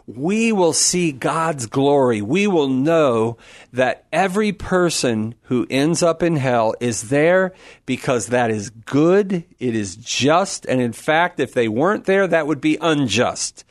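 A man answers callers on a radio show in an animated, preacherly manner, breaking into laughter often. His voice sits a little high for a man. The studio sound is dry and close. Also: slow, no echo. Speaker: Catholic apologist radio guest. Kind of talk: call-in radio Q&A.

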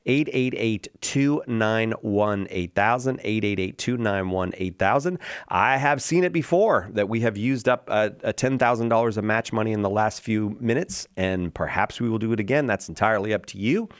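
A man's voice: fairly low pitch, clean tone, no room sound. A male radio host making an upbeat, urging pledge-drive appeal from a studio. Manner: upbeat, urging, repeats phone number slowly. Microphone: studio microphone.

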